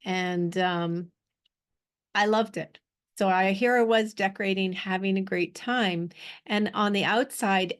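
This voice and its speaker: A middle-aged woman hosting a spiritual art workshop, telling a personal story in a slow, heartfelt way with long pauses. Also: lowish voice.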